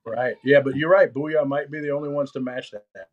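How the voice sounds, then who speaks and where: A man's voice: mid-range voice, steady tone, moderate pace, lo-fi sound. Rambling man recalling stories. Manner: rambling, many restarts and fillers. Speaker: interview guest, former magazine writer. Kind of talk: casual interview chat.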